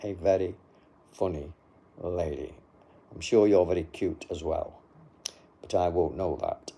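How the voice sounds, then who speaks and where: A man's voice: deep voice, measured pace, vocal fry, dark tone, slightly rough. An older man who chats in a casual, dry and rambling way as he answers live comments into a phone. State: sleepy, yawning. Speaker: livestream host.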